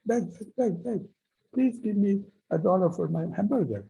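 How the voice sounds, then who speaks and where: A no-nonsense woman tax preparer lays down the facts with a scolding edge, as a man quoting her puts her on. The voice sits high and sounds rough and husky, with lively, emphatic rises. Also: normal speed, full character voice, poor audio. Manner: scolding, matter-of-fact.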